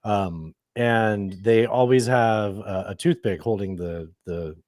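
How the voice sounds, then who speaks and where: A man hosting a casual comedy podcast, animated and jokey. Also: fairly low pitch, slow, dry recording, studio quality. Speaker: podcast host.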